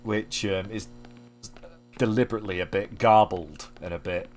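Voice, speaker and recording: A man's voice: fairly low pitch, fairly even intonation, normal speed, darkish tone, a little hiss or hum. Rambling, self-deprecating male game streamer. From Manchester area, England. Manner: self-deprecating, swears freely, thinks aloud. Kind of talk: casual rambling commentary while gaming.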